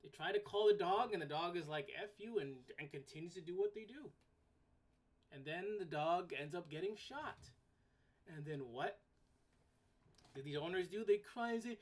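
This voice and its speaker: The voice belongs to a woman with a fairly low pitch who talks at normal speed but pauses often. She's hosting a podcast alone, ranting bluntly with casual profanity, and repeating herself and restarting sentences when she gets worked up.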